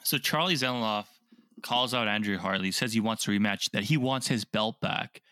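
A man's voice: lowish voice, moderate pace, bright, forceful tone, no echo. A man co-hosting a podcast, retelling events step by step in casual chat. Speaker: podcast co-host.

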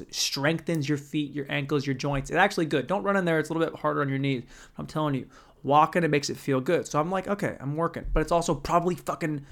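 Man, stand-up comic, profane, rambling, bro-ish, somewhat high voice. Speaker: stand-up comedian. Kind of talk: stand-up storytelling.

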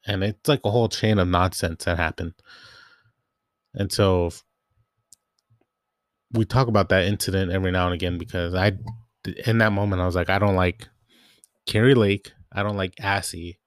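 A young man tells a long, rambling story from his store job, slipping into his coworkers' voices as he goes. His voice sits a little low, and the sound is dry and close with no room echo. He leans on "like" and loose asides. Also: steady tone, normal speed, long pauses. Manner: rambling, quotes coworkers, frequent "like". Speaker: grocery store worker. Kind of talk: casual storytelling rant.

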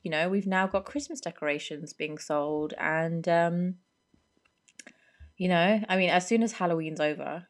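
A young woman with a notably deep, low-pitched voice, made hoarse by a cold. She hosts her own podcast, chatting in a loose, rambling way with plenty of fillers. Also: measured pace. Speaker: podcast host. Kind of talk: casual solo podcast chat. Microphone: podcast microphone.

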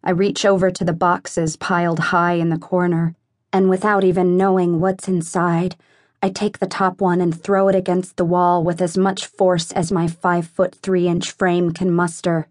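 A woman's voice: on the low side, level tone, normal speed, a little mellow, no echo, studio quality. A woman reading a first-person audiobook in an emotional, intense dramatic style. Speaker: audiobook narrator.

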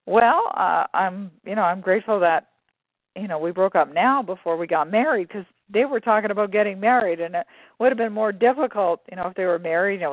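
A woman author telling stories in a relaxed interview, with frequent fillers and laughter. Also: mid-range voice, no echo. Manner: animated storyteller, many fillers and laughs. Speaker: guest author. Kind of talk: casual conversational interview. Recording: phone-like dry line.

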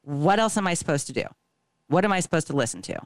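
A woman's voice: deep voice, big pitch swings, fast talker, gravelly, no room sound. A woman co-hosting a podcast, telling a long story in a casual, profane way and acting out each line of dialogue. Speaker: podcast co-host.

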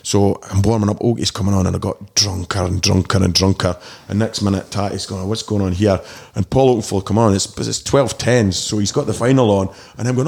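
A Scottish man in his forties, a DJ telling rambling, animated stories in a casual interview and mimicking shouts. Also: lowish voice, brisk, vocal fry, few pauses. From Scotland. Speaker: DJ guest.

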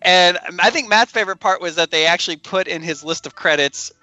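A man co-hosting a podcast in easy, chatty conversation, laughing as he goes. His voice sits a little high and sounds bright. The recording is a touch dull. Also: a little fast, no echo, faint music behind. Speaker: podcast co-host. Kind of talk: casual chat.

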